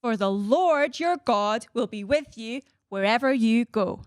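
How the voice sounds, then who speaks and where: A woman's voice: fairly high pitch, lively intonation, a little slow, no room sound, studio quality. A woman co-hosting a children's church lesson, playfully responding and repeating lines after the leader.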